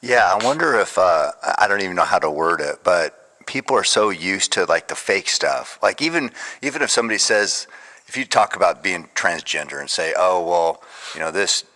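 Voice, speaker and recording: A man's voice: deep voice, lively intonation, sharp tone, big-room sound. A man who is a guest on a podcast, talking casually and admiringly, often restarting his sentences. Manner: effusive, admiring, halting restarts. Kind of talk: casual chat. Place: podcast studio.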